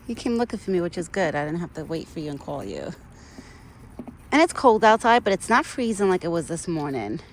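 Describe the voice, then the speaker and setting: Standing on an outdoor trail, a young woman with a slightly low voice rambles in a friendly, casual vlog chat into her phone camera while feeding a wild deer and talking sweetly to it. She's very animated and speaks fairly quickly. Outdoor ambience and passing vehicles come through clearly in the noisy phone recording.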